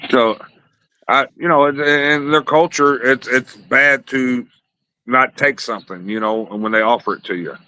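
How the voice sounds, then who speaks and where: A man's voice: medium pitch, moderate pace, sharp tone, smooth, dry recording, low-quality recording. A man telling rambling, profane stories in a casual interview, laughing along as he goes. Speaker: wrestler, interview guest.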